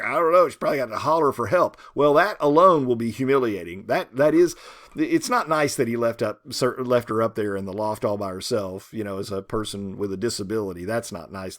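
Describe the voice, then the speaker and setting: A man in his fifties or older, a literature professor, giving a recorded lecture with animated rhetorical questions and chatty asides. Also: mid-range voice.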